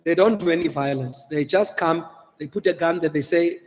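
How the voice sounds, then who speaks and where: A man's voice: on the high side, expressive, fairly quick, in a large hall. A man with a South African accent preaching a sermon as a pastor, earnestly pleading and repeating his warnings, slipping Xhosa phrases into his English. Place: church hall.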